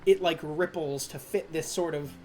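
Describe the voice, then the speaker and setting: A man's voice: fairly high pitch, fairly even intonation, normal speed, a little mellow, slight background noise. A man narrating as game master of a tabletop game, rambling with many fillers and restarts and laughing at himself.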